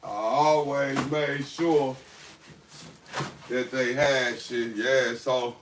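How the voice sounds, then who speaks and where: A man telling a rambling, profane story in a casual, animated way. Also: mid-range voice, very slow. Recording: echoey room, far from mic, faint noise.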